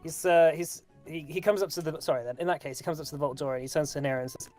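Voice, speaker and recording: A man's voice: on the high side, very fast, darkish tone, soft background music. A man running a tabletop game as game master, narrating with many fillers and restarts.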